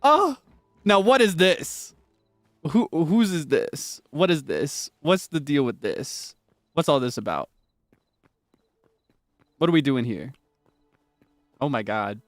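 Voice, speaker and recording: Excitable man streaming a game. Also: fairly high pitch, slow pace, pauses often, dry recording, soft background music. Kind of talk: live gameplay commentary.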